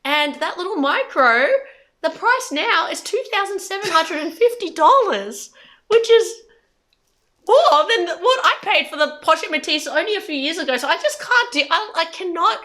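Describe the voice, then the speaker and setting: A young woman chats animatedly, her voice high and bright. She gets excited, stumbles and restarts her sentences often. It sounds like a relaxed, casual conversation. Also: normal speed. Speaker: host. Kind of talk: casual chat.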